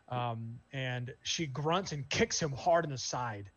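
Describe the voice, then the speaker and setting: A man's voice: mid-range voice, a little slow, few pauses. Man narrating a tabletop game, lo-fi. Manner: relaxed descriptive narration with fillers. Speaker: game master.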